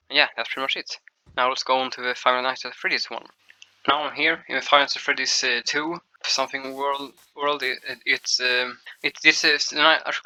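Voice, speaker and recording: A man talks through gameplay in a casual commentary, with a very bright, sharp tone. His explanations ramble and stall, often restarting mid-sentence. His pitch sits at an ordinary middle level for a man. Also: dry recording, rough recording. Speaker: gameplay showcase host.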